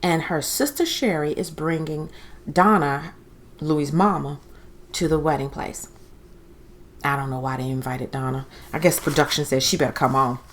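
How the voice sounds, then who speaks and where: Chatty, opinionated woman with a low voice. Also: moderate pace, a little hiss or hum. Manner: chatty and opinionated, acts out quotes. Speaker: TV recap host. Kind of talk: casual TV show recap.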